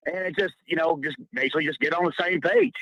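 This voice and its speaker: A chatty male caller from Missouri who talks quickly and sounds confident. His voice is a little high. The call comes through on a dull, dry line. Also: dry recording. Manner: chatty, confident, laughs easily. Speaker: caller, small-town coach. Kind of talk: call-in chat.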